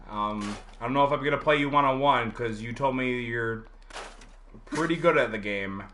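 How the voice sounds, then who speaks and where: A man's voice: medium pitch, sharp tone. A man streaming a video game live, chatting casually and rambling with many fillers while answering viewers.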